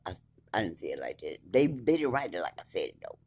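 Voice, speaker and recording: A woman's voice: a bass voice, sing-song, a little fast, darkish tone, slightly rough. A woman telling her own court story in a blunt, indignant way, swearing freely and reading papers aloud. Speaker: vlogger recounting her court case. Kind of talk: emphatic personal account, reading documents aloud.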